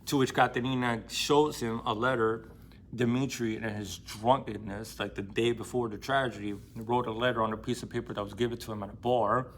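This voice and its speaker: In a bit of hiss or hum, a man with a mid-range, steady, a-bit-bright voice talks a little fast as he loosely recaps a novel for his book discussion vlog, his slangy speech riddled with fillers and restarts.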